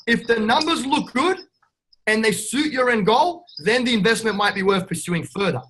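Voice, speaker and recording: A man's voice: high-pitched, lively intonation, normal speed, fairly bright tone, breathy edge. A man with an Australian accent being interviewed on a podcast, brash and upbeat, calling the host "mate" again and again. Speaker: guest real estate investor.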